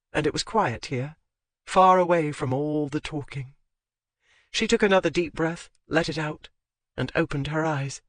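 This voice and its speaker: An audiobook narrator reading a historical romance in an expressive, lilting way. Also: mid-range voice, no room sound. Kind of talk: scripted narration.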